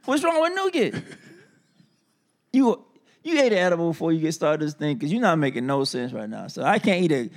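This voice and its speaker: A man in his forties hosts a casual chat, his voice sitting a touch high and swinging widely as he reacts. He sounds incredulous and talks in heavy street slang. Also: big pitch swings, fairly quick, pauses often. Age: 40s.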